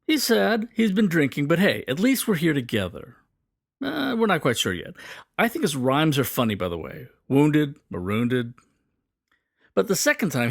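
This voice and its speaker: A man teaching a poetry lesson, explaining clearly and reading quoted lines slowly and dramatically. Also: medium pitch, no echo, studio quality.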